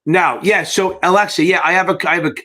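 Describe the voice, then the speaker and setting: A middle-aged American man with a fairly high-pitched voice runs a live exam-prep Q&A. He talks bluntly and rambles, swearing often as he answers questions. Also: steady tone, fast talker, bright, forceful tone. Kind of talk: live Q&A teaching.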